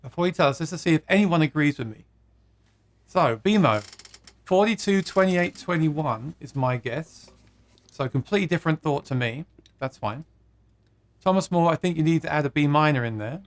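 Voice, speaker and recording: A man's voice: on the high side, lively intonation, normal speed. A man hosting a live guitar stream, chatting casually, reading viewer comments aloud and laughing at his own jokes.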